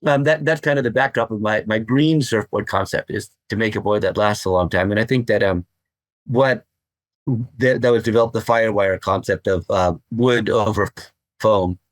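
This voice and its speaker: An older man speaks as a guest in a podcast interview, with a fairly low voice. He talks with rambling enthusiasm and often repeats words as he goes. The recording is close and dry. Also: moderate pace, no room sound. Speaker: guest, surfboard craftsman.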